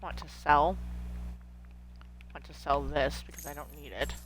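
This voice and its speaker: A woman's voice: sits low, fairly even intonation, unhurried, fairly bright tone, slight background noise. A woman streaming a video game at home, chatting casually, swearing when annoyed and talking to her pet. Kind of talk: casual gameplay chat.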